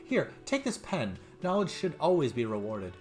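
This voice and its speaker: A man voicing a kindly, motherly older woman in a video game, who talks softly and calls people dear. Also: on the high side, huge pitch swings, moderate pace, soft background music, voice pushed up. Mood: gentle. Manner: soft, sweet, calls people dear and sweetie.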